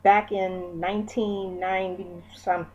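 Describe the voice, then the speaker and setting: A woman's voice: mid-range voice, flat delivery, a little slow, mellow, dull audio. A woman in her forties sharing a candid, encouraging personal reflection in a vlog, talking with many fillers and asides. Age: 40s. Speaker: vlogger.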